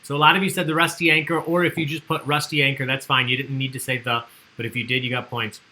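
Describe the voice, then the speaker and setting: Bright-voiced chatty trivia host man. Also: mid-range voice, little pitch movement, fast, low-quality recording. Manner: chatty, joking, reads out answer lists. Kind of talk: casual livestream trivia hosting.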